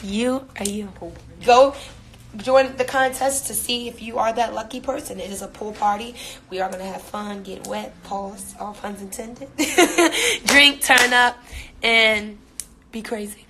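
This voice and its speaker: A woman's voice: a little high, unhurried, bright, forceful tone. A young woman chatting casually on a phone livestream, reading viewer comments and laughing often. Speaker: social media personality.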